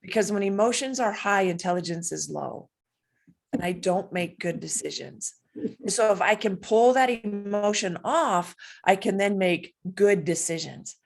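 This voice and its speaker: A middle-aged woman speaks in an ordinary mid-range voice, earnest and animated as she answers an interviewer. She tells personal stories in a warm conversational way, now and then laughing through a line. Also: medium pitch. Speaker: guest, coach and speaker.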